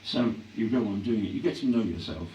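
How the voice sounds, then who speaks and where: An older English man reflecting on his acting career in a live on-stage interview, clearing his throat often as his voice grows hoarse. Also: fairly low pitch, lively intonation, a little fast, mellow. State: voice growing hoarse. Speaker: actor being interviewed. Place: hall at a public event. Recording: echoey hall from a distance, faint hum.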